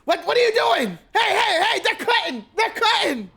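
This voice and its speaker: A man voicing an angry man in a club line, yelling complaints. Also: extremely high pitch, very animated, moderate pace, creaky, voice pushed up, heavily acted. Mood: outraged. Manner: yelling, outraged.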